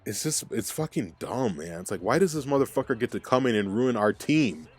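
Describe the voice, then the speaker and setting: A man's voice: medium pitch, expressive, fairly quick, breathy edge. A man hosting a fan recap podcast, ranting in an angry, profane, rambling way. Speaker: podcast host.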